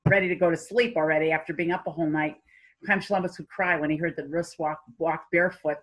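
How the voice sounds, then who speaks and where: A woman's voice: lowish voice, poor audio. A woman giving an informal Torah lecture, telling stories in a conversational way with many fillers and restarts. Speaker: Torah class teacher.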